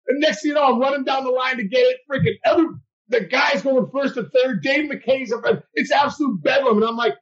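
Animated storytelling man on a dull podcast mic. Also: extremely high pitch, brisk. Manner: animated, laughing, acts out his own reactions. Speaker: podcast co-host, former player. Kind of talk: casual storytelling chat.

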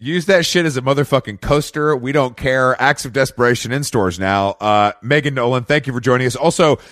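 A man's voice: mid-range voice, a little fast, a bit bright, dry recording, studio quality. A man hosting a podcast in a casual, joking way, swearing freely and rambling through his sign-off. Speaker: podcast host.

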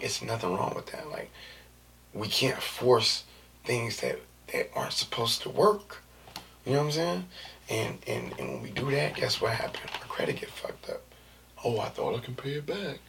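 A man in his thirties riffs in a relaxed monologue, his voice gravelly and creaky. He talks loose and slangy, jumping into whispers, and he sits a little back from a mic with faint hiss behind him. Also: medium pitch, far from the mic. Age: 30s. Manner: loose, slangy and animated, drops into whispers and jokey put-on voices. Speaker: vlogger. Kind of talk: casual monologue.

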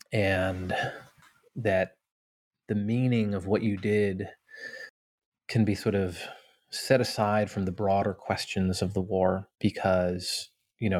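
A man with a fairly low voice reads a passage and then talks it through in an earnest, searching manner. He often restarts his sentences and tags them with little questions. The sound is dry and close. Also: a little mellow, husky, no room sound. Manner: earnest, thoughtful, many restarts and "right?" tags. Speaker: author and veteran guest. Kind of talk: reading aloud then interview answers.

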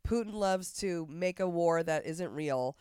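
A man co-hosting a casual politics podcast, swearing freely and rambling from point to point. His voice is smooth and clear, recorded dry and close to the mic. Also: a little high, measured pace, dry recording. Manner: profane, rambling and animated. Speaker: podcast co-host.

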